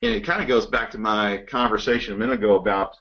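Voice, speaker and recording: A loan officer talking business in a relaxed chat, reflective and measured. His voice sits low. The recording is dull and lo-fi.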